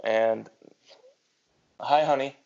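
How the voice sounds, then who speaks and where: A man with a gravelly, mid-pitched voice co-hosts a casual sports podcast. He rambles and rants, restarting his sentences as he goes. The audio is dull and lo-fi. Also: extremely slow, a little mellow. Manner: rambling, ranting, with frequent restarts. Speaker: podcast co-host.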